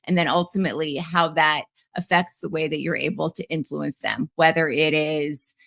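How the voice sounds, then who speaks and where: Bright-voiced woman guest. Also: deep voice, fairly even intonation, moderate pace, gravelly, no echo. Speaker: guest, media trainer. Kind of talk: interview answers.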